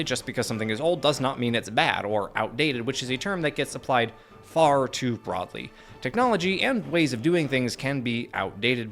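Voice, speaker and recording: A man narrating a scripted video essay in an earnest, measured way, with dry asides. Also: medium pitch.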